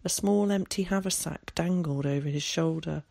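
A narrator reading a novel aloud in a measured storytelling manner. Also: medium pitch, vocal fry, a little mellow, no room sound. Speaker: audiobook narrator. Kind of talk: scripted narration.

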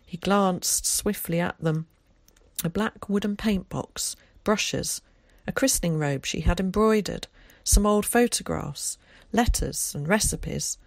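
A woman reading an audiobook aloud in a steady, measured way. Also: on the low side, vocal fry, no room sound, clean studio sound. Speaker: audiobook narrator. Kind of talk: scripted audiobook narration.

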